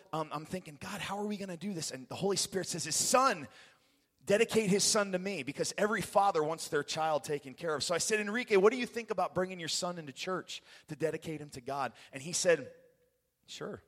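A man from the United States giving an excitable, rambling sermon testimony in a church, laughing often and getting passionate. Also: on the high side. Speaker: guest preacher giving a testimony. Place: church sanctuary. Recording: long echoey hall reverb.

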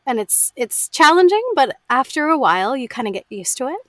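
A woman's voice: high voice, big pitch swings, brisk, fairly bright tone, no room sound. Chatty American woman, dry close sound. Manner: chatty, laughs often, many ums and restarts. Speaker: audiobook narrator, guest. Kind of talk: casual interview chat.

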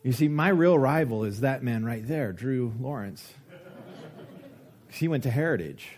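A man preaching a sermon, joking and animated, with lots of rhetorical questions, in a church. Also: medium pitch, normal speed. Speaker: pastor.

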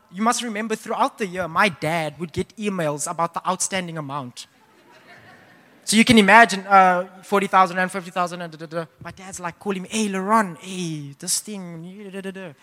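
A young man preaching a sermon, telling a personal story in a casual, animated way with laughs. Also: high-pitched. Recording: long hall reverb.

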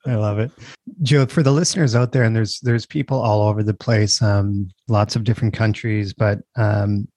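Male podcast host, low mellow voice, dry sound, gentle questions. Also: steady tone, normal speed, dry recording. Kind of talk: podcast interview.

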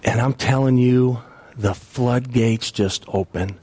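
A man's voice: mid-range voice, takes it slowly, dark tone, husky. A man preaching a sermon, telling personal stories earnestly and often repeating and restarting his words.

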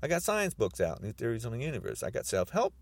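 A man's voice: mid-range voice, huge pitch swings, quick pace, creaky, breathy edge, no room sound. A man podcasting a ranting political monologue, mocking and repeating himself.

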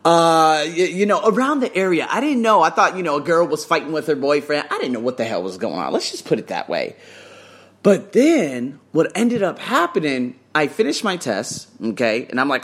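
A man's voice: on the high side, moderate pace. A man telling a casual vlog story about his tutoring work, swearing freely and acting out what people said. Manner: animated, swears freely, acts out quotes. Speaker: English test tutor.

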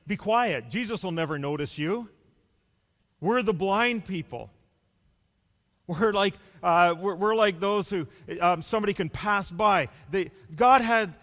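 A man preaching a sermon as pastor, deliberate and building long runs of rhetorical questions. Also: high-pitched, fairly bright tone, long reverb tail.

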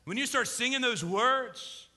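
Pastor preaching, bright high voice, echoing church hall, emphatic. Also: male voice, measured pace. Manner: emphatic, rhetorical questions. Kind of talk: sermon.

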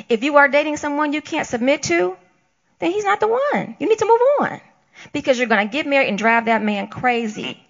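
A woman's voice: high-pitched, fairly bright tone, muffled recording. A woman co-hosting a Christian talk show, preaching emphatically and acting out the voices she quotes.

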